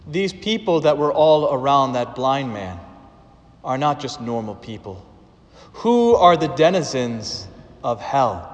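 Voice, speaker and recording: Slow-preaching priest in a reverberant church. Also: male voice, mid-range voice. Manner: slow, deliberate preaching with dramatic pauses. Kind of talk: sermon.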